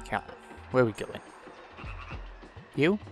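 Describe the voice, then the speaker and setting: A man's voice: mid-range voice, lively intonation, moderate pace, faint music behind. A British man giving casual commentary on a video game he is playing, with dry, wry asides. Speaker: let's play host.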